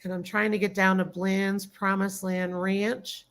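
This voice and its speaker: With a medium-pitched, flat delivery, this livestream host speaks unhurriedly. Even so, she greets people by name, reads chat comments out loud, and gushes her thanks to viewers.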